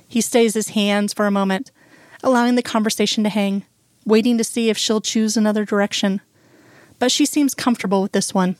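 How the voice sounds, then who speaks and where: Brief: female audiobook narrator, mid pitch, dry close mic, unhurried. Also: fairly even intonation, dry recording.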